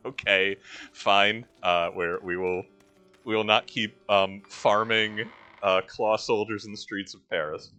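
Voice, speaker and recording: A man's voice: lowish voice, animated, unhurried, bright, forceful tone, soft background music. A man giving casual, wry commentary while playing a role-playing game, with rambling history asides. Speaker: let's-play host.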